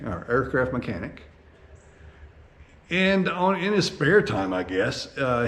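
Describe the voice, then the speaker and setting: A man in mid-range pitch tells a travel story from his own flying trips. His delivery is chatty and animated, full of fillers and restarts, like a host talking straight to his viewers. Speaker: vlog host and private pilot. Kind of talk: casual storytelling.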